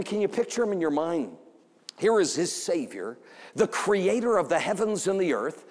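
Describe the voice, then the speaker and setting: A man's voice: a little high, a little mellow. A man preaching a revival sermon as an evangelist. He tells the story with animation, acts out the quoted voices and repeats phrases for emphasis. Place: church sanctuary. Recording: long church hall reverb.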